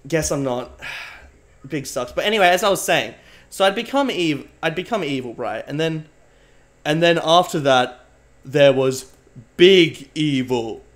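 A man's voice: fairly high pitch, animated, normal speed, fairly bright tone. Mock-serious young male streamer. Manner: mock-serious, rambling, swears, talks to chat. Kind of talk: casual live-stream chat.

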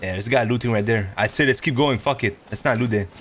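A man's voice: medium pitch, quick pace, fairly bright tone, a little hiss or hum. A man chatting casually with a friend while gaming, laid-back and swearing freely. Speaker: gamer.

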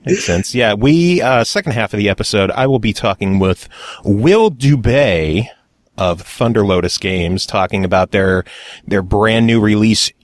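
A man hosting a casual podcast, relaxed and joking, with plenty of offhand swearing. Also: fairly low pitch, a little slow, no room sound, studio quality. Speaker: podcast host.

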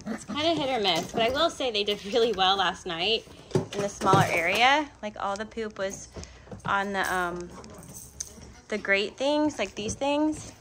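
A woman's voice: mid-range voice, expressive, a little slow. A young woman with a cold chatting in sing-song baby talk to puppies in an indoor pen. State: has a cold. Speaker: dog breeder. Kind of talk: casual vlog, chatting to puppies. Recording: noisy background.

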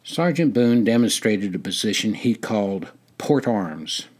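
An older man reading his own memoir aloud in a measured, deliberate storytelling manner. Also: lowish voice, expressive. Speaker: memoir narrator.

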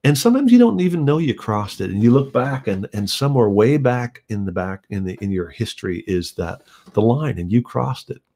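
A man's voice: mid-range voice, big pitch swings, a little fast, mellow. A man, a songwriter, talking casually and thoughtfully about writing his own song, rambling with restarts and acting out quotes with animation. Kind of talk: reflective casual talk on songwriting.

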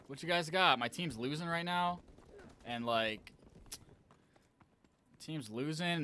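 A young man giving excitable live commentary on an online shooter match, talking to his viewers and trash-talking as he plays. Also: on the high side, moderate pace, a little hiss or hum. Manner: excitable, talks to viewers, trash-talks while playing. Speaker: gaming channel host.

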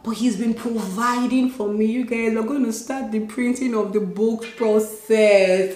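A young Nigerian woman vlogging from home, telling stories excitedly and acting out dialogue. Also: a little high, unhurried, few pauses, a little hiss or hum. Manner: excited, animated storytelling, acts out dialogue. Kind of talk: casual vlog talk. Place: home, indoors. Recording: echoey room.

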